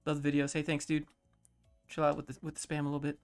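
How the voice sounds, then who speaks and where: A man in his thirties on a casual livestream, reading chat questions aloud and answering them in a low-key, mellow way. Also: completely flat delivery, fast talker, soft background music. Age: 30s.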